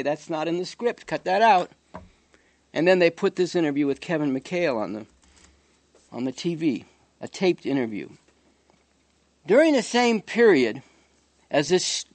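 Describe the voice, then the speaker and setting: A man's voice: on the high side, no room sound. A man giving a spoken commentary monologue in a sardonic, digressive storytelling manner.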